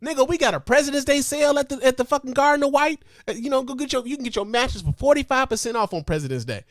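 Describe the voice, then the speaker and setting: High-voiced man ranting on his podcast. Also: racing, dry recording, clean studio sound. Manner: animated, profane, mock-outraged ranting. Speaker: podcast host. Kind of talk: comedic podcast rant. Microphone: podcast microphone.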